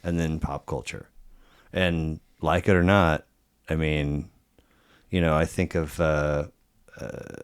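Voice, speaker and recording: A man hosting a podcast, talking in a relaxed, rambling way with casual swearing. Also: extremely low pitch, slow, pauses often, clear, resonant tone. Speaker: podcast host. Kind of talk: casual conversation.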